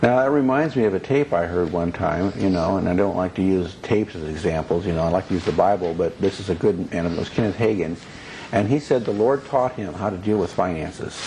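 A man's voice: deep voice, fairly quick, darkish tone, a little hiss or hum, rough recording. A man teaching a conversational sermon in a folksy way, full of asides. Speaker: Bible teacher.

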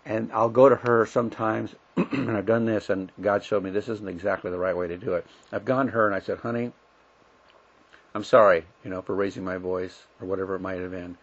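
A man's voice: fairly low pitch, steady tone, quick pace, vocal fry. A middle-aged man teaching a Bible lesson in a folksy, plain-spoken way, acting out everyday conversations. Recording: dull lo-fi recording.

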